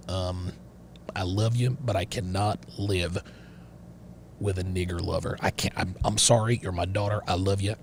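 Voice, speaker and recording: Guy doing a low muttering angry dad, deep and quiet, kinda resigned. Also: a little hiss or hum. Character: angry bigoted middle-aged father scolding his daughter.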